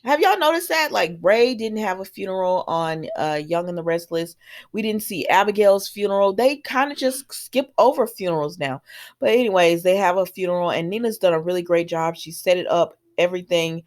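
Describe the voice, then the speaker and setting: Casual, opinionated woman vlogger with a lowish voice, talking straight to her viewers. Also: expressive, normal speed, darkish tone. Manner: chatty, opinionated, acts out characters' lines. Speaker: soap opera recap vlogger. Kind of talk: casual chat recapping episodes.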